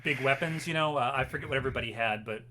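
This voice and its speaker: A man's voice: mid-range voice, very fast, sharp tone. A man narrating as game master of a tabletop game, hesitant and full of fillers. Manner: hesitant, full of ums and uhs.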